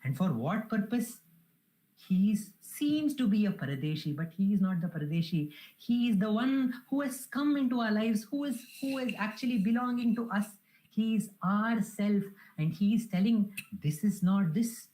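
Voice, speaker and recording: A woman's voice: mid-range voice, lively intonation, moderate pace, warm tone, low-quality recording. A woman giving a devotional talk, telling a parable in an earnest, reverent way. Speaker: spiritual speaker.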